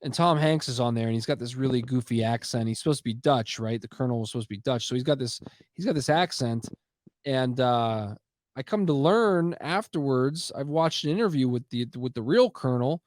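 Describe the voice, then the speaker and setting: A man's voice: mid-range voice, brisk, a little mellow, dry recording, studio quality. A man hosting a podcast, chatting loosely and stumbling over repeated words. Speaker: podcast host. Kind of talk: casual chat.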